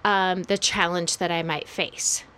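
A woman's voice: on the low side, flat delivery, measured pace, sharp tone, clean tone. A young adult woman co-hosting a podcast, talking in a thoughtful casual way and often stopping to search for words. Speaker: podcast co-host. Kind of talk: casual chat.

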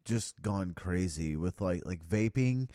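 Low-voiced man on a swearing rant. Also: lively intonation, takes it slowly, warm tone, no room sound, studio quality. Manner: profane, ranting, exasperated. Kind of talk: casual chat.

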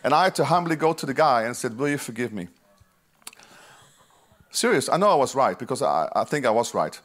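A pastor preaching a sermon, reading scripture with emphasis, mixing quiet asides with loud, drawn-out lines and chatty "you know"s. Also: male voice, mid-range voice, big pitch swings. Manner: reads scripture aloud with emphasis.

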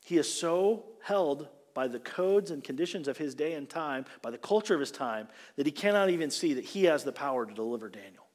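Animated male pastor, echoing hall. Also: on the high side, a little fast, few pauses. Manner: animated storytelling, acting out quotes. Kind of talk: sermon. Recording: long reverb of a large hall.

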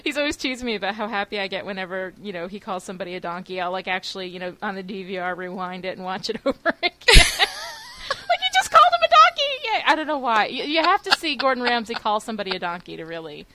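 A woman's voice: medium pitch, fast, hardly any pauses, bright, forceful tone, a little hiss or hum. A woman co-hosting a podcast in casual chat, gushing and laughing often as she talks. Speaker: podcast co-host.

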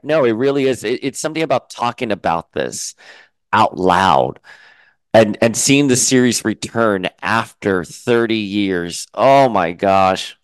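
A man hosting an excited fan reaction show, gushing and stammering through restarts. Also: lowish voice, unhurried, clean tone, dry recording. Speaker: YouTube show host.

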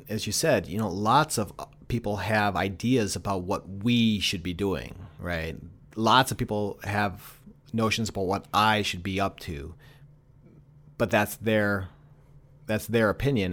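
A man's voice: fairly low pitch, a little slow, a bit bright. A man who is a pastor, speaking earnestly and emphatically in a reflective conversation.

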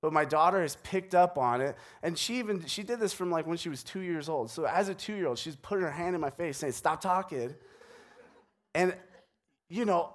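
A man in his thirties, a pastor, preaching a sermon in a conversational, joking storytelling way. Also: on the high side. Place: church sanctuary.

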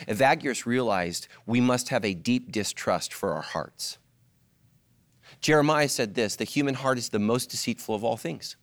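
A middle-aged male pastor preaching a sermon, swinging from loud, high-pitched joking to a hushed, earnest tone. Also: moderate pace. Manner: animated, jokes in a loud, high voice, then drops to a hushed, earnest tone.

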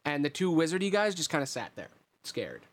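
A man running a tabletop game as game master, describing scenes in a relaxed, rambling way. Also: on the high side, fairly quick, a little hiss or hum.

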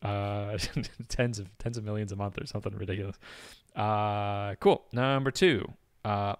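A man hosts a podcast in easygoing chat, his voice sitting a little low. He talks loosely, with many fillers and laughs. The sound is dry and close. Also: fairly even intonation, unhurried, hardly any pauses, smooth, no echo. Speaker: podcast host. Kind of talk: casual podcast chat, retelling a story.

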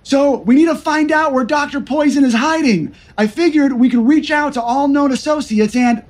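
A man's voice: very high-pitched, normal speed, pitched above the performer's own voice. A man voicing a nervous young male rookie spy who stammers and trips over his words. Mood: nervous eager.

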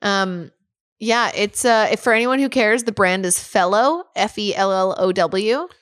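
Female podcast co-host, bright and chatty, laughs easily. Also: mid-range voice, measured pace, dry recording, clean studio sound. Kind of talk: casual chat.

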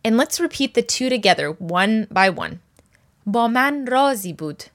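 Woman teacher, patient and methodical, mid-range voice, repeats vocabulary slowly for students. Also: mid-range voice. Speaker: language teacher. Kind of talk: step-by-step language lesson.

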